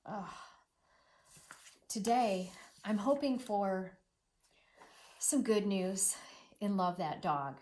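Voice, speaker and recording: A middle-aged woman teacher reading a children's novel aloud as a lesson. She talks expressively, repeats words in rhythm and drops to a hushed near-whisper at sad moments. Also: mid-range voice, expressive, slow, pauses often.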